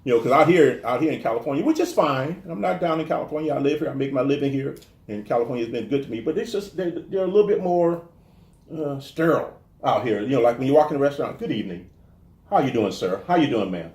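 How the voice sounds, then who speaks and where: A man from the telling stories in a casual interview, animated and restarting his sentences often. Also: medium pitch, fast talker, echoey room. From American South. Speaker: guest talking about his life.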